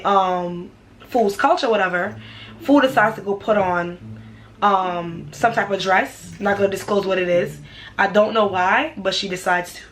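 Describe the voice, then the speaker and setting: A young woman, telling a personal story for her vlog in an animated, slangy way. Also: mid-range voice, a little hiss or hum. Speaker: vlogger.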